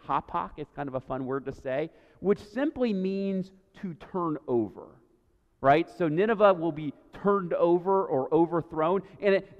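A man preaches to his congregation in a high, light voice. He keeps the tone conversational and keeps checking in with "right?". The recording is muffled, and a long reverb hangs in the church around him. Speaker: pastor. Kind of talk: sermon. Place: church sanctuary.

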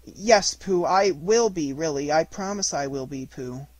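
A man's voice: fairly high pitch, measured pace, a little mellow, dry recording. Christopher Robin, a man doing an earnest little boy. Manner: earnest, tender.

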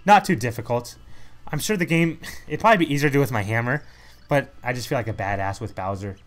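A man's voice: mid-range voice, fast talker. A young man giving casual, sarcastic commentary as he plays a video game. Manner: sarcastic, mocking, reads game text in put-on voices. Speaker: let's play host.

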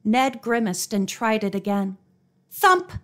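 A woman reading a mystery novel aloud as an audiobook narrator, expressive and raising her pitch for dialogue. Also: measured pace. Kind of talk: scripted narration.

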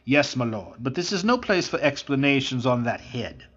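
A man reading the part of a seasoned bandit chief in a cool, deliberate manner. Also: medium pitch, sing-song, a bit bright, slightly rough, highs cut off.

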